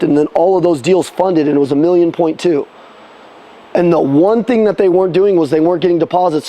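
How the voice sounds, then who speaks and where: A sales trainer with a high-sitting, mellow voice leads a live seminar. He coaches the room using punchy call-and-response lines, talking casually, sometimes swearing, and quickly restarting his thoughts.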